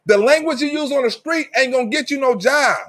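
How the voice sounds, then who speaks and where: A man's voice: very high voice, a little fast, fairly bright tone. A man hosting a live stream, delivering an emphatic, profane monologue in street slang. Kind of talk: ranting monologue.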